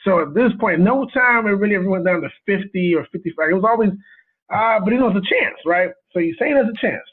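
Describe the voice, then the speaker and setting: Excitable man on a tinny phone line. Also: high-pitched, quick pace, breathy edge. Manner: animated, excitable storyteller who laughs often. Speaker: guest cinematographer. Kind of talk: casual storytelling interview.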